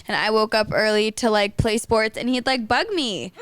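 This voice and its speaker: High clear woman, chatty, lots of likes, dry close sound. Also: normal speed, a bit bright, no echo. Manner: chatty, filler-heavy, laughing. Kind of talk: casual chat.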